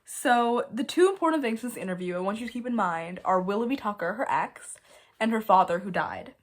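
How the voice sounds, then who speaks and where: A woman's voice: mid-range voice, lively intonation, a little fast. Chatty, self-mocking young woman vlogger. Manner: chatty, playful, self-mocking, swings loud and soft. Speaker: video host. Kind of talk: casual vlog commentary.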